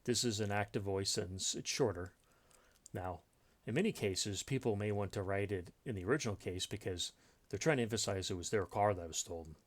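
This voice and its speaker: Man, writing teacher, low voice, unscripted explanation, frequent uhs and restarts. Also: fairly quick. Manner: unscripted, thinking aloud with many fillers and restarts. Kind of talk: explaining grammar in a recorded lesson.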